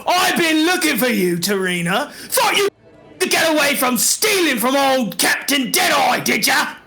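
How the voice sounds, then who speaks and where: A man voicing a vengeful one-eyed pirate captain, speaking gruffly and menacingly. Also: very high voice, sing-song, unhurried, bright, forceful tone, shouting, heavily acted.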